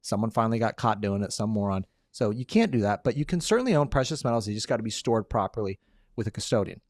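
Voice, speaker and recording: A man's voice: lowish voice, quick pace, darkish tone, no room sound, studio quality. A man hosting a casual podcast, answering listener questions in an upbeat, joking way. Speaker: podcast host and lawyer.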